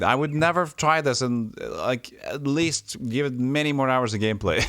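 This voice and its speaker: A man's voice: medium pitch, moderate pace, hardly any pauses, fairly bright tone, no room sound, studio quality. Wry man streaming a retro game. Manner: wry, self-mocking remarks. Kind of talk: casual gameplay commentary and reading aloud.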